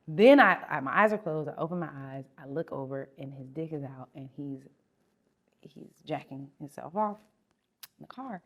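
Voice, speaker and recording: A middle-aged woman hosting a podcast, telling a personal story candidly and with animation. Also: deep voice. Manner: candid, animated, laughing through an awkward story. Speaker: podcast host.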